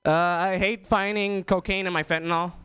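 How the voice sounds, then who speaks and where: A man's voice: high voice, fairly even intonation, moderate pace, a bit bright, slight background noise. A man doing an open-mic stand-up set, rambling and self-deprecating, with lots of fillers. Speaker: stand-up comedian.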